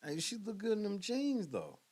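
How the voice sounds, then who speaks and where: A man's voice: high-pitched, huge pitch swings, normal speed, very noisy. A man hosting a clip show, dropping profane joking comments over the footage. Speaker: show host reacting to clips. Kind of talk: casual commentary over clips.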